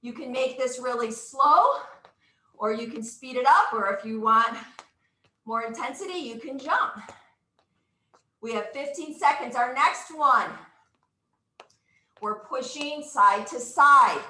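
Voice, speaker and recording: High, bright upbeat woman coaching exercise. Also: takes it slowly, long pauses, roomy sound, low-quality recording. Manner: upbeat, encouraging, counts out moves with whoops. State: out of breath. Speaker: exercise instructor. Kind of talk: live exercise class coaching.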